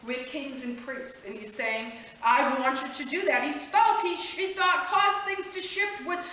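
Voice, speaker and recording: An impassioned woman preacher with a high, bright voice. She builds to near-shouts and laughs as she speaks. The room around her is very echoey. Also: a little slow, a little hiss or hum. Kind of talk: passionate sermon.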